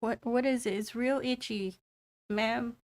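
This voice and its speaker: Woman voicing a timid young boy in a tabletop game, halting and stammering, voice cracking high and low, mumbling and unsure. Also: steady tone. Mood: worried.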